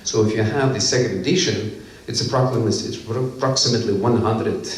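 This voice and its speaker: A man's voice: fairly low pitch, fast, slight background noise. A man giving an academic conference lecture, explaining points from his slides. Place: conference hall. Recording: echoey hall, mic far off.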